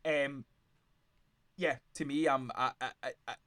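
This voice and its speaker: A man's voice: mid-range voice, fairly even intonation, measured pace, sharp tone. A man hosting a casual podcast chat, arguing his side and cutting in with many restarts. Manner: argumentative, interrupts, many restarts. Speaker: podcast host.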